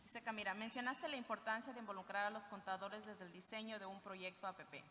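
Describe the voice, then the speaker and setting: A woman moderating a conference panel, reading out audience questions in a measured way. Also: medium pitch, fairly even intonation, bright, forceful tone. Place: conference hall. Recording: reverberant hall with faint noise.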